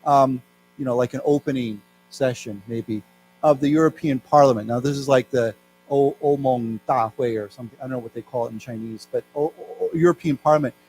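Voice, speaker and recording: A man with an American accent giving a live English lesson, reading news aloud slowly and explaining words to his class. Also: mid-range voice, a little mellow. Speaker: English teacher. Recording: faint mains hum.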